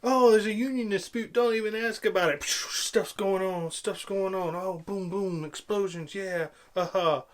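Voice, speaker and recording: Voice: mid-range voice, steady tone, a little slow, hardly any pauses, lightly acted. A vlogger mimicking a flippant woman in a breezy, mocking tone.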